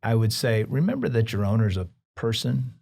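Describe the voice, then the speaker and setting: A man hosting a podcast, giving reflective, measured advice in conversation. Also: fairly low pitch, lively intonation, gravelly, darkish tone. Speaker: podcast host.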